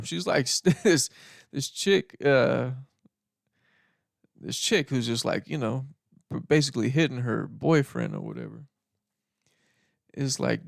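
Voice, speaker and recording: A man with a deeply gravelly, crackling voice tells stories on his podcast. He rambles in a laid-back way, chuckling and tossing in asides. The sound is dry and close, with no room around it. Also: a little slow, long pauses, no room sound. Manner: laid-back rambling with frequent laughs and "you know". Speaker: podcast host. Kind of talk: casual storytelling monologue.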